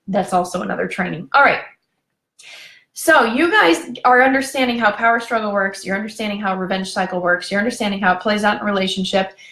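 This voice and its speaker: Chatty woman coach in an echoey room. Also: mid-range voice. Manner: chatty and animated, laughing and going off on tangents. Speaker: relationship coach. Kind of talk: live video training.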